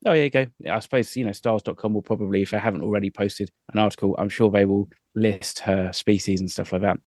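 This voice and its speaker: A man co-hosting a casual TV reaction chat, talking things through in an animated, analytical way. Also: fairly low pitch, fast, no room sound, studio quality. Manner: animated, analytical, thinks aloud. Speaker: podcast co-host.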